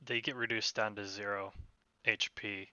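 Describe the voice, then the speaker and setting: A man narrating as game master of a tabletop role-playing game, relaxed and hesitant, with many fillers. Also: on the low side, normal speed, highs cut off, noisy background.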